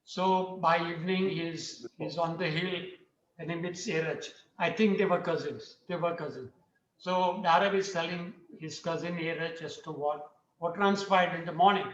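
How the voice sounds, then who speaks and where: A man's voice: on the high side, steady tone, normal speed. A man on a discussion panel, telling a story earnestly and often repeating his phrases. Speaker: panel speaker. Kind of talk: storytelling talk. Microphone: video call. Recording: roomy, distant, dull video-call audio.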